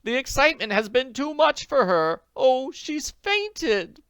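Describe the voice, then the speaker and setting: A man's voice: very high-pitched, big pitch swings, measured pace, fairly bright tone, clear, resonant tone, no room sound, voice pushed up, exaggerated voice. A man doing a worried, pleading woman friend. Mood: anxious. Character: anxious, kindly woman friend, fussing.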